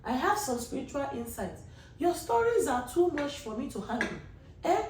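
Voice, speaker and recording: A woman hosts a casual solo podcast. She rambles and restarts, pleading earnestly with her listeners in a high voice. She is recorded in an echoey room with a faint hiss behind her. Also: sing-song, normal speed, a little mellow, distant mic. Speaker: podcast host.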